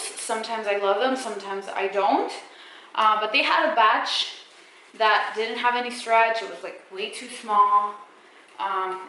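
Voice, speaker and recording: A woman's voice: medium pitch, pushed and bright, roomy sound, a little hiss or hum, poor audio. A young woman filming a casual clothing try-on haul at home on her camera, chatty and upbeat, full of fillers. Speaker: fashion vlogger. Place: room at home. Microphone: camera mic.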